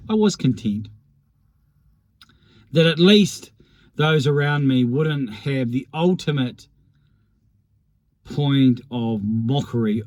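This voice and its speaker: A man's voice: mid-range voice, darkish tone, no echo. A man, wryly reminiscing about rugby in a rambling, self-deprecating monologue. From New Zealand. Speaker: rugby vlogger.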